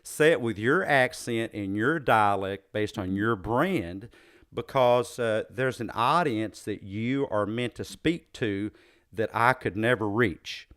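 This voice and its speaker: A man's voice: lowish voice, slow pace, fairly bright tone. A man with a Southern US accent hosting an interview, often hesitating and restarting his phrases. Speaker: podcast host. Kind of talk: interview conversation.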